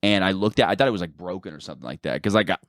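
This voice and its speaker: A man's voice: low-pitched, a bit bright, dry recording, clean studio sound. A young man telling crude stories on a podcast, swearing a lot, laughing and acting out what people said. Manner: fast, laughing, swears a lot, acts out quotes. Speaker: podcast guest. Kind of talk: casual crude storytelling.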